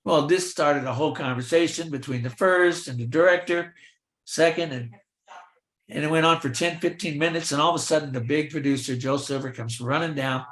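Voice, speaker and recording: An older man, a veteran film extra, telling lively anecdotes in a Q&A and acting out the dialogue of the people in them. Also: on the high side, brisk. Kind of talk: storytelling in a virtual Q&A. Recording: roomy echo.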